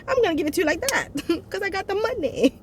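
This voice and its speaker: A woman putting on the voice of a boastful man who brags about his money, talking high and showy while she retells a movie. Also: sing-song, quick pace, slight background noise. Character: smooth-talking male lover boasting of money.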